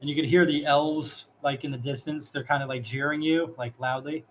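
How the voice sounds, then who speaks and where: A man's voice: a little high, steady tone, a little fast, a bit bright, a little hiss or hum, poor audio. A man running a tabletop game as game master, describing scenes in a casual, loose way.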